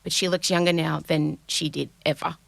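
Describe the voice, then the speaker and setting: A woman hosts a podcast, riffing playfully and laughing easily. Her voice sits fairly low. It is recorded close and dry. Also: steady tone, moderate pace, gravelly, dry recording. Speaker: podcast host. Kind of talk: casual comedic chat.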